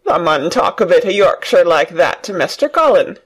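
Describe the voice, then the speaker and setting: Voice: mid-range voice, sing-song, moderate pace, breathy edge. A reader doing a cheerful country farm boy. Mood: amused. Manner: broad country dialect, eager. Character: cheerful Yorkshire farm boy, nature-loving. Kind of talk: audiobook reading for learners.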